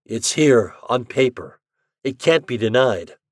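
A man's voice: mid-range voice, animated, takes it slowly, no echo, studio quality, voice pushed up. Man voicing a determined young journalist. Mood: insistent. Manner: earnest, insistent.

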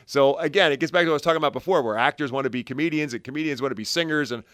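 A man's voice: a little high, very fast, a bit bright, dry recording, clean studio sound. A man co-hosting a radio talk show, teasing his partner and mostly agreeing with him. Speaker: radio co-host.

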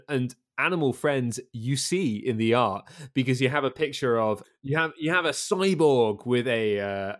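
A man co-hosting a podcast in an easy, casual chat. He sounds upbeat and laughs readily while he talks. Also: medium pitch. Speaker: podcast co-host.

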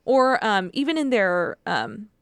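A woman hosting a podcast in casual chat, asking questions and giving quick reactions. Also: medium pitch, sing-song, smooth, no echo, clean studio sound. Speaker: podcast host.

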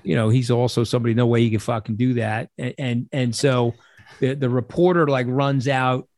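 A man's voice: mid-range voice, steady tone, brisk, darkish tone, no echo, studio quality. A middle-aged man telling stories as an interview guest, blunt and profane, acting out the voices of people he quotes. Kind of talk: casual interview storytelling.

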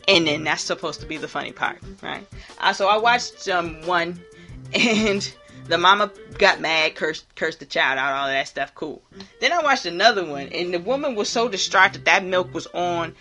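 A woman hosting a casual, profane commentary monologue in an animated way, often acting out voices. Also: fairly low pitch, normal speed, soft background music.

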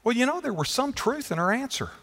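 A man's voice: very high voice, big pitch swings, fairly quick, a bit bright. A man preaching a sermon as pastor, emphatic, stretching out phrases and putting questions to his congregation. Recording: echoey hall.

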